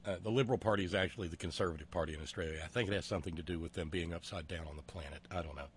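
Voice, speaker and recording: A man hosting a political talk show, with wry, sarcastic asides and many pauses and fillers. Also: low voice, a little hiss or hum.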